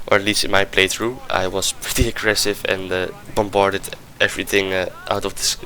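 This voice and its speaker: A man talking through a game review in a lowish, bright, forceful voice. He rambles and hesitates, restarting his sentences as he hunts for words. Faint noise sits under the voice. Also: level tone, a little fast, rough recording. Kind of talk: casual gameplay commentary voice-over.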